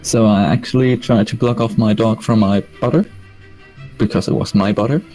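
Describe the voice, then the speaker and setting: Low warm-voiced guy rambling through a story on a gaming chat. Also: steady tone, soft background music, rough recording. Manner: rambling, halting anecdote telling. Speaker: gaming channel co-host.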